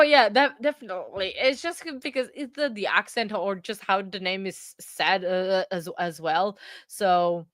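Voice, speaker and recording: A woman's voice: mid-range voice, fairly bright tone, no room sound, clean studio sound. A young woman with a Portuguese accent, hosting a livestream and chatting in a bubbly way with viewers. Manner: chatty and bubbly, thanking chat often. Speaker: livestream host. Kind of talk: casual livestream chat with viewers.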